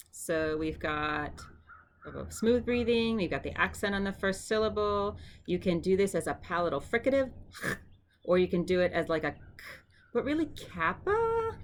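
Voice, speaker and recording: Middle-aged woman teacher, chatty home-lesson delivery, drills each word slowly, mid-pitched voice, faint room noise behind. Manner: chatty, repeats words slowly for practice. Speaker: Greek vocabulary teacher.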